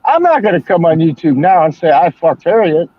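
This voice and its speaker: A man's voice: on the high side, very animated, brisk, no echo. An older man chatting casually as a stream host, telling rambling, profane stories. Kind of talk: casual chat. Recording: dull lo-fi sound.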